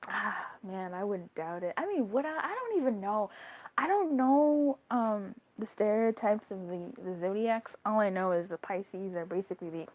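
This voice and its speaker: A young woman reading tarot on a live stream, chatting with viewers in an animated way, laughing often and swearing casually. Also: on the high side. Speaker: tarot card reader.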